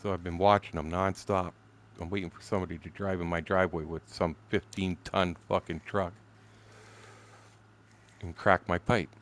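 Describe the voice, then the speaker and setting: A man's voice: sits low, flat delivery, normal speed, pauses often, fairly bright tone. A man in his sixties, a gaming streamer, telling a story in blunt, profane, casual talk. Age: 60s.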